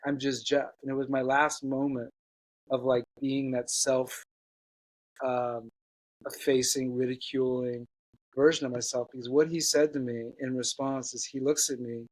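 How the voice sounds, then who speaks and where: A man telling an earnest personal story as a guest, halting, with many restarts and fillers. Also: mid-range voice, level tone, dry recording, rough recording.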